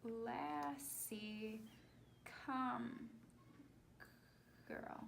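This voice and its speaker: Woman voices male client: very slow, effortful, stammering starts, slightly high, gravelly. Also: level tone, a little hiss or hum, exaggerated voice. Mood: halting. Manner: halting, repeats word starts, slow and effortful. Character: halting male therapy client, effortful speech.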